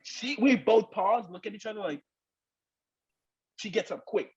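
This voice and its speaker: A man who is a podcast guest, telling a story in casual chat, animated and slangy and swearing a lot. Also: high-pitched, a little slow, lo-fi sound.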